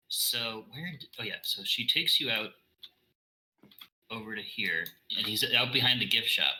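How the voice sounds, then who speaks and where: A man's voice: fairly low pitch, normal speed, sharp tone, low-quality recording. A man narrating as game master of a tabletop game, in loose, rambling speech.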